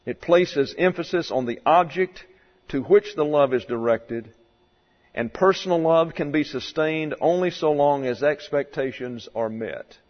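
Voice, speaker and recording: A man preaching a sermon, teaching slowly and deliberately, with measured emphasis on key words. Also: a little high. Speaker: pastor. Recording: dull lo-fi sound in a long-reverb hall.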